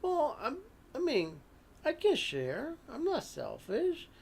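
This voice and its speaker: A man's voice: extremely high pitch, huge pitch swings, takes it slowly, gravelly, heavily acted. A man voicing an odd, overly friendly backwoods man who stammers and rambles in a tabletop horror game. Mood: eager.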